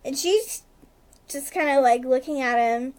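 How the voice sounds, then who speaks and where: A woman with a high, bright-sitting voice chats casually as a podcast co-host. She tells the story in a loose, rambling way, stringing events together with "like" and quick asides. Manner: rambling retelling, heavy use of "like", quick asides. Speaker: podcast co-host recapping a TV episode. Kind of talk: casual chat.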